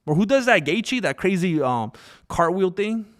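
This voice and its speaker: Brief: a man ranting on a live stream, argumentative and animated, higher-pitched voice with a lot of swing. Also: moderate pace. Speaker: streamer and fight commentator. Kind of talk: casual live-stream commentary.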